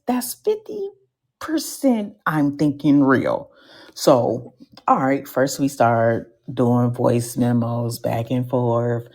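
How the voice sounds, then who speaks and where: A woman with a lowish voice hosts a live podcast show. She tells stories in an animated, slangy style and throws comic asides to the audience.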